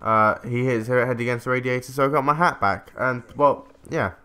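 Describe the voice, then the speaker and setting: A gaming commentator from England rambles through a story as he plays, chatty and self-interrupting, with casual swearing. His mid-range voice runs a little fast and sounds pushed, bright and clean.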